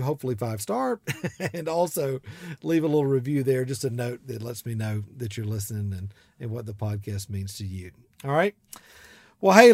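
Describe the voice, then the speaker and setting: A man's voice: medium pitch, a little mellow, no echo. A middle-aged man hosting a podcast in a chatty, casual way, with frequent fillers and restarts. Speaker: podcast host.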